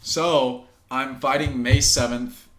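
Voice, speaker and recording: Animated man telling fight stories. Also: mid-range voice, takes it slowly. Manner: animated storyteller who acts out quotes and laughs. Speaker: pro fighter and podcast co-host. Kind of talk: casual podcast chat.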